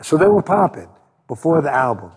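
A man being interviewed as a record producer, telling animated stories, acting out quotes and swearing freely. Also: fairly high pitch, brisk, slightly rough, long reverb tail. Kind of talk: storytelling interview.

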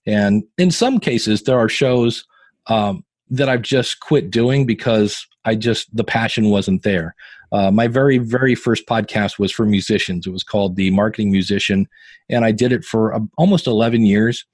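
Animated fifty-something man telling stories. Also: fairly low pitch, moderate pace, dry recording. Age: 50s. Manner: animated, self-deprecating storyteller. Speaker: podcasting guest. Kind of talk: casual interview talk.

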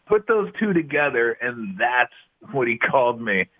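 A middle-aged man, a former basketball player, tells lively anecdotes as a guest in a casual interview, laughing often. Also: medium pitch, moderate pace. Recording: tinny phone-like line.

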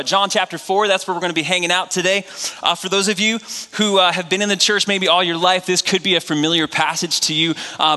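A man with a New England accent preaches as a guest pastor in a church sanctuary, keeping it loose and jokey with lots of filler words. His voice sits on the high side, bright and forceful, and the recording carries long hall reverb.

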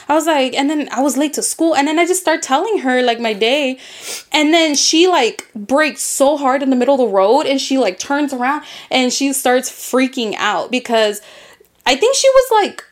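A woman co-hosting a casual podcast chat, telling stories in an animated way with lots of fillers and casual swearing. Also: high-pitched, normal speed. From grew up in a Latino immigrant family in the US. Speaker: podcast co-host.

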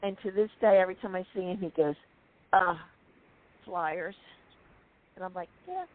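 A woman telling lively stories in casual chat, quoting people and clearing her throat often. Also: mid-range voice, rapid-fire. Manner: animated anecdotes, quoting others, frequent throat clearing. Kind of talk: casual storytelling on a call-in chat. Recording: tinny phone line.

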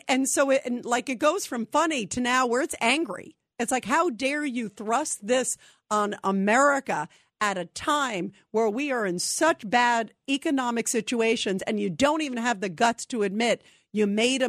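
A woman hosting a call-in radio talk show, talking in an animated, indignant way with many quick restarts. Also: fairly high pitch, dry recording, clean studio sound.

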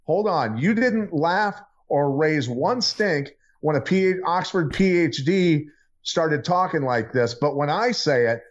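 A man's voice: fairly high pitch, expressive, unhurried. Needling man on a dull remote line. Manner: combative, repeats jabs, needling. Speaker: podcast co-host. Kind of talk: heated casual debate. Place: remote from the others.

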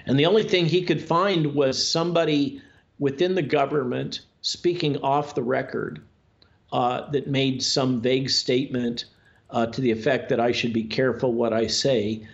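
A man as a guest on a talk show, speaking in a measured, drawn-out way with many filler sounds. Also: medium pitch, fairly even intonation, gravelly. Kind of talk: conversational interview talk. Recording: dull lo-fi audio.

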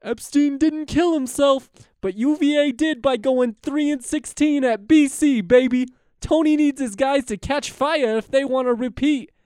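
A man doing an exaggerated impression of an excitable older male basketball announcer, shouting in a strained high voice. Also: a little slow, no room sound, studio quality. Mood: hyped shouting. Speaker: podcast host.

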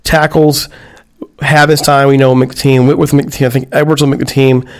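A man hosting a casual sports podcast, rushing along at a brisk clip. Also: medium pitch, flat delivery. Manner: brisk, rushes through reads. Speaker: podcast host.

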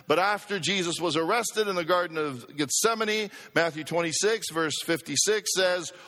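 A man's voice: high voice, moderate pace, sharp tone. A man preaching a sermon as pastor, emphatic, repeating phrases for effect and calling out to the congregation in a church sanctuary. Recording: long church-hall reverb.

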